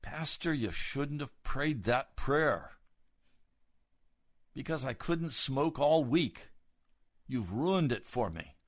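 A man voicing a sheepish adult male churchgoer hooked on cigarettes, mumbling low and reluctant. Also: animated, slow, long pauses, dry recording, studio quality. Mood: complaining.

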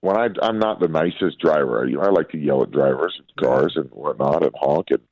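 A man chatting casually as a podcast co-host, telling animated stories about his young daughter. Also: rumbling low, fairly quick, dry recording, dull audio. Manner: animated storytelling, mimics his toddler's voice. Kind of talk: casual chat.

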